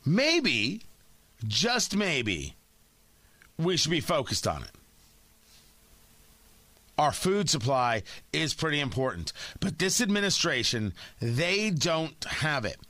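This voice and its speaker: A male talk radio host with a bright, forceful voice, mocking and sarcastic. His pitch jumps around in an animated way, and the sound is close and dry in a studio. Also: slow pace, pauses often, no echo.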